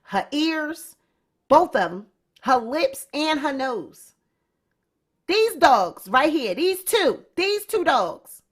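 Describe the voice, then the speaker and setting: Woman, gossip host, unhurried delivery, animated and giggly. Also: high-pitched. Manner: animated, breaks into uncontrollable laughter. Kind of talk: casual commentary reading news.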